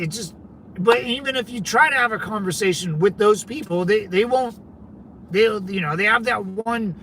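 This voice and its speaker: High, lively-voiced man chatting on stream. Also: a little hiss or hum. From California. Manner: rambling, conversational, peppered with "man" and "dude". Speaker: livestream host. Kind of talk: casual livestream chat answering viewers.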